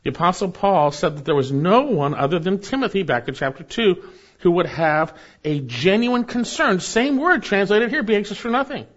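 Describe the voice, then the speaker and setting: A male pastor preaching a sermon, rising for emphasis and then dropping soft. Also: fairly high pitch, highs cut off.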